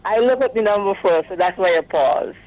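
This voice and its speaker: A woman's voice: mid-range voice, expressive, brisk. Older woman from Dominica, cheeky caller, tinny phone line. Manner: cheeky, joking. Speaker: phone-in contest winner.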